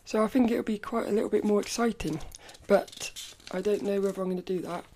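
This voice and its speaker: A woman's voice: medium pitch, steady tone, a little fast, warm tone, a little hiss or hum. A woman hosting her own podcast in casual solo chat, rambling and stopping to restart her sentences. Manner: rambling, stop-start, self-correcting. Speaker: podcast host.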